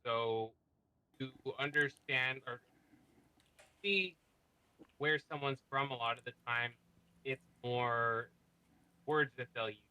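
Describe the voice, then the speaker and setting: A man from Oregon chatting with gaming friends over voice call, explaining things in a halting, rambling way with many fillers. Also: mid-range voice, bright, forceful tone, poor audio. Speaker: player in a gaming group.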